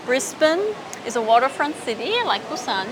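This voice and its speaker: A woman's voice: a little high, lively intonation, moderate pace. A woman co-hosting a casual food-tasting chat outdoors by the sea, chatting between bites and often talking while chewing. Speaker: co-host. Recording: noisy outdoor recording, waves and rain.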